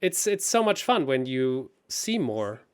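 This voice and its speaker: A man in casual chat, working through chess puzzles out loud. He is chatty, laughs easily and has a mid-pitched voice. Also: big pitch swings, measured pace, smooth. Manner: chatty, laughs often, thinks aloud. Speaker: co-host.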